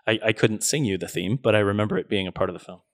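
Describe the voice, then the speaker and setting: A man's voice: lowish voice, racing. A man co-hosting a casual film podcast, talking in an easygoing way with many fillers. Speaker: podcast co-host.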